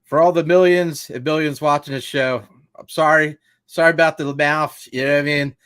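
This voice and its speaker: A man co-hosts a sports chat, venting in a rambling, profanity-laced rant. His voice sits a little high. The sound is dry and close, with no room echo. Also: steady tone, moderate pace, a bit bright, clean tone. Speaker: podcast co-host.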